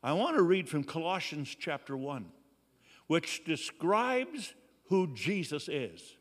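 Slow earnest preacher in a reverberant hall. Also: male voice, on the high side, very animated. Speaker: pastor. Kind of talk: sermon.

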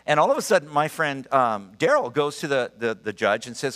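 Animated older male preacher in a hall. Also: medium pitch, a little fast. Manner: animated, emphatic, storytelling with laughs. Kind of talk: sermon with personal storytelling. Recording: long reverb of a large hall.

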